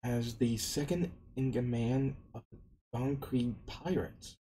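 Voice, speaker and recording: Slow, dark-voiced man recapping an anime. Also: medium pitch, slight background noise, poor audio. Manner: meandering, frequent restarts. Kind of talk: casual retelling narration.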